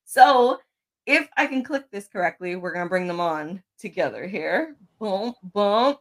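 A woman's voice: medium pitch, animated, unhurried. A bubbly woman who laughs easily, hosting a casual podcast on a video call. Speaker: podcast host.

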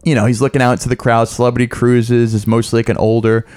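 A man co-hosting a casual chat, telling a long story and acting out other people's voices. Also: fast talker. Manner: animated, acts out voices in a high squeal. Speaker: podcast co-host.

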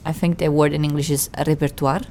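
A woman's voice: deep voice, level tone, fast talker, warm tone, slight background noise. A woman, co-hosting a podcast in casual chat, talkative and self-deprecating, restarting her sentences often. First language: Italian. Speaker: podcast co-host.

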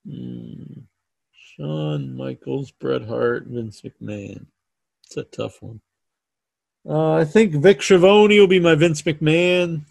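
A man's voice: on the high side, slow, vocal fry, darkish tone, slightly rough, dry recording. A man hosting a podcast live stream in a casual, joking, teasing and rambling way. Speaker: podcast host.

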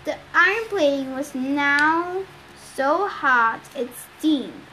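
A woman's voice: high voice, expressive, slow, bright, forceful tone, slight background noise, low-quality recording. A woman reading a novel aloud, with occasional stumbles and restarts. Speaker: reader.

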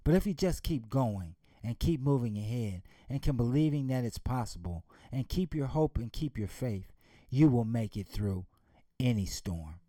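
A man voicing a calm, gentle father who soothes and reassures his daughter in a spoken story. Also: fairly low pitch, moderate pace, dry recording, clean studio sound, voice pushed down. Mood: calm, reassuring.

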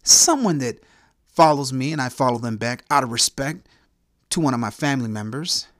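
A man's voice: medium pitch, lively intonation, moderate pace, a bit bright, dry recording, clean studio sound. A man hosting a podcast, delivering a crude, angry ranting monologue full of swearing and heckling.

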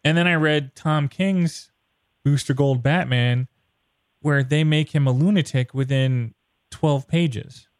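A man hosting a podcast, talking in a casual, excitable way and ranting with exasperation. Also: fairly high pitch, slow, no room sound, clean studio sound. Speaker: podcast host. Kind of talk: casual comic book chat.

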